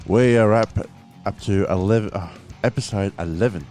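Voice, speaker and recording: A man's voice: on the low side, moderate pace, darkish tone, soft background music. An Australian man co-hosting a podcast in casual chat, laid-back, swearing freely and laughing often. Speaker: podcast co-host.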